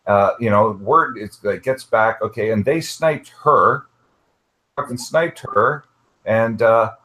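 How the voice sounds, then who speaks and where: In an online group hangout, a man argues heatedly, swearing often and tacking "okay" onto every point. His voice is lowish and sharp, and he speaks slowly.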